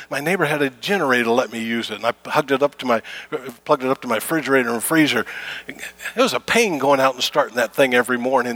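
A man's voice: fairly high pitch, a bit bright, no echo. A middle-aged man preaching a conversational sermon to his congregation, repeating his key phrases and acting out everyday complaints. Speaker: pastor.

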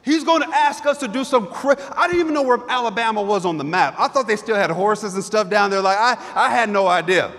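A man's voice: high voice, expressive, fairly quick, hardly any pauses, fairly bright tone. A man preaching a sermon in a church, emphatic and repetitive, building with rhetorical questions. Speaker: guest preacher. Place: church sanctuary. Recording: long church reverb.

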